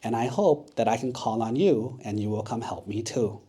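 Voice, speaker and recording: An eager young boy bird from a children's storybook, sweet-natured and a bit slow-witted, as a man puts him on. He talks in a mellow, dark tone with an earnest, pleading manner. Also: medium pitch, breathy edge, close to an everyday voice. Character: naive kind young male bird suitor.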